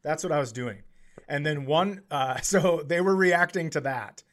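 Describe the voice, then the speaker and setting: A man's voice: fairly high pitch, a bit bright. A man co-hosting a comedy podcast, blunt and joking in casual chat. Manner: blunt, joking, quick to swear. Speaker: podcast co-host.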